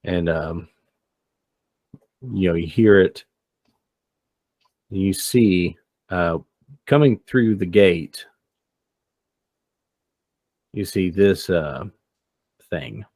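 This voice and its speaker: A man's voice: deep voice, lively intonation, extremely slow, long pauses, a little mellow, no echo. A man narrating as game master of a tabletop game, hesitant and full of fillers.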